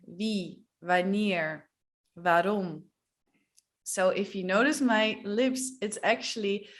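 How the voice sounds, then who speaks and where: Woman, Dutch accent, native Dutch speaker, language teacher, pronunciation lesson to camera, playful, demonstrative. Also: mid-range voice. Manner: demonstrative, playful, repeats example words slowly.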